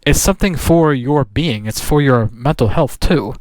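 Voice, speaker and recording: A man's voice: medium pitch, moderate pace, darkish tone, no room sound. Rambling casual man, dry sound. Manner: rambling, with many restarts and fillers. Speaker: motorcycle vlogger. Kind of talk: casual chat. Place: riding or parked outdoors on a motorcycle.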